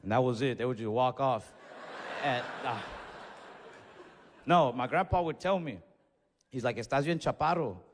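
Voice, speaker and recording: A man doing stand-up comedy, telling a story in an animated way and acting out what people said. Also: medium pitch, measured pace, long pauses, in a large hall, background noise. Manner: animated storytelling with acted-out quotes.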